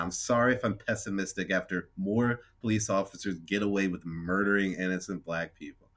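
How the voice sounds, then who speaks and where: A man's voice: fairly low pitch, fairly quick, few pauses. A young man co-hosting a podcast, venting in a frustrated, sweary, sarcastically apologetic rant. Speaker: podcast co-host. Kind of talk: casual chat.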